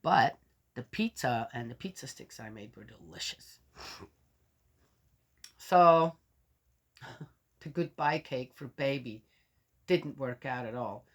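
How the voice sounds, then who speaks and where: A woman's voice: very deep voice, expressive, slow, long pauses. An older woman in a rambling, chatty talk, sharing a story and a blessing with her viewers. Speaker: faith vlogger. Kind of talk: casual chat.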